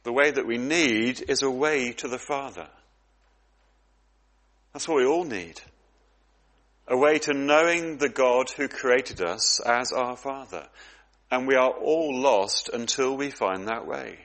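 A man preaching in an earnest, reflective way, with a voice of ordinary middle pitch. He often stumbles over and repeats words as he thinks aloud. His sermon moves steadily through questions and answers. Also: takes it slowly, long pauses, fairly bright tone.

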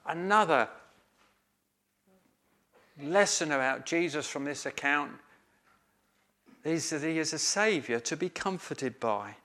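A man preaching a sermon slowly and emphatically, with some hesitant fillers. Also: on the high side, fairly bright tone.

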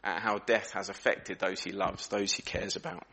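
Guy preaching in church, earnest and thoughtful, slows and goes quiet on the big lines. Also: deep voice, fairly even intonation, breathy edge. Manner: earnest, reflective, varies pace and volume for emphasis. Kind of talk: sermon.

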